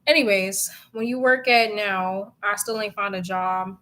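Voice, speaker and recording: Bright-voiced young woman ranting casually. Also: mid-range voice, a little slow. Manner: animated, profane and exasperated ranting. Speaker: vlogger. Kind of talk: casual chat to viewers.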